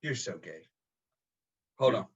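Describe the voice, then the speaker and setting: A man's voice: fairly low pitch, animated, slow, fairly bright tone, husky, muffled recording. A young man hosting a casual podcast from home, telling loose, profane stories. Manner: laid-back, profane storytelling. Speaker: podcast host. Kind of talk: casual chat.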